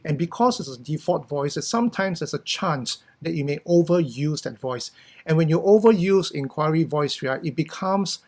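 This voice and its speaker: A man's voice: a little high, lively intonation, normal speed, darkish tone. A middle-aged man with a Singaporean English accent, giving a conversational workshop talk with frequent "you know" and "right?". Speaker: workshop speaker. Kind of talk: talk on communication.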